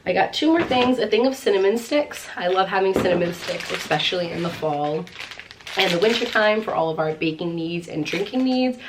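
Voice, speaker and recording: A woman's voice: fairly low pitch, expressive, a little fast, background noise. A pregnant young woman chatting at home through a casual haul vlog, gushing with lots of fillers and short of breath. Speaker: vlogger.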